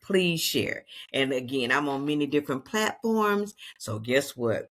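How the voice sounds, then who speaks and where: A woman's voice: low-pitched, animated, unhurried, fairly bright tone. A woman with a Southeast Texas accent, talking casually and unscripted to her viewers in a chatty, folksy way. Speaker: vlogger.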